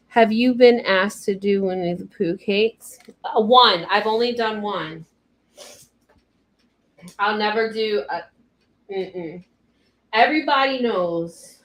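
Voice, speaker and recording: A woman's voice: mid-range voice, roomy sound. A young woman cake decorator chatting on a live stream, ranting animatedly and cursing freely. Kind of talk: casual live stream chat.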